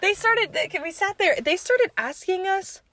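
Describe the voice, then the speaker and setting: A woman's voice: very high-pitched, lively intonation, unhurried, fairly bright tone, no room sound. A young woman from Georgia, co-hosting a podcast and telling a story in a rambling, casual way full of "like.". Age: young adult. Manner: rambling, many "like"s, laughs mid-story. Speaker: podcast co-host.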